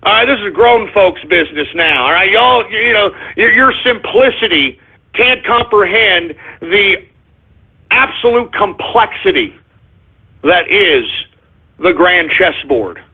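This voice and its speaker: A man hosting a political talk radio show, ranting combatively and breaking into shouted bursts. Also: sits high, animated, slow, husky. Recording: phone-like narrow band.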